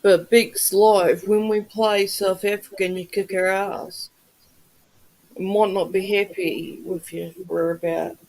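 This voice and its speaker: A woman with a New Zealand accent talks casually to her livestream viewers. Her voice has a gravelly, fry-laden edge, and she takes her time between phrases. She is blunt and swears freely. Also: medium pitch, little pitch movement, slow, a little mellow, low-quality recording. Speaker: livestream host. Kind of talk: casual live chat with viewers.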